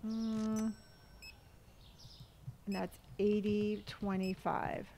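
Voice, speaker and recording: A woman's voice: medium pitch, little pitch movement, very slow, very noisy. A woman streaming a game live, chatting casually, thanking viewers for gifts, answering chat questions, and humming or counting money under her breath as she plays.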